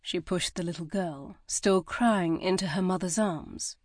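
Lowish-voiced woman reading an audiobook. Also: measured pace, no echo, studio quality. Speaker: audiobook narrator. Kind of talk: scripted narration.

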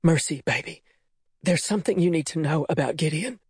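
A man's voice: a little high, fairly quick, husky, no echo, clean studio sound, voice pushed up. A man doing a desperate, whispering mother. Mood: urgent. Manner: urgent, pleading, often whispered. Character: desperate, loving, frightened mother. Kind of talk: audiobook character voice.

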